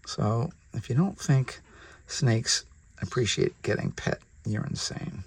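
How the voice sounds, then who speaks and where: A reptile breeder who runs a channel hosts a casual vlog while handling snakes, speaking at medium pitch and a measured pace. He's chatty but sometimes drops to soft murmurs aimed at the animals, recorded indoors on a handheld camera mic.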